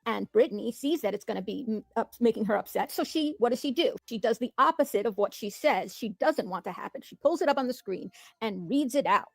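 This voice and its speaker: A woman's voice: a little high, animated, a little fast, vocal fry, few pauses, no echo. A woman giving pointed, critical commentary on a clip. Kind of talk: commentary on clips.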